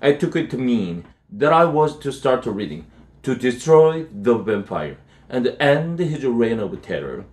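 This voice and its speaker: Man reading a storybook aloud, halting. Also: mid-range voice, very animated. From South Korea. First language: Korean. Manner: halting, with frequent restarts. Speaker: English teacher. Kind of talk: reading a children's novel aloud.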